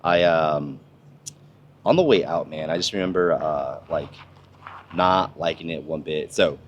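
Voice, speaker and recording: A man's voice: rumbling low, measured pace, highs cut off, a little hiss or hum. A young man, a former soldier, talking casually and profanely on a podcast, rambling through stories with lots of fillers. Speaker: podcast host, army veteran. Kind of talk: casual conversation.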